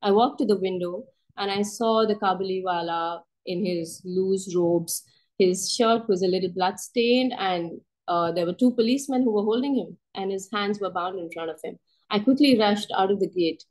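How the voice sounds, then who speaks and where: A woman in a storytelling workshop tells a first-person story, raising her pitch for the voices she quotes. She speaks at normal speed with a darkish tone, and the recording is rough.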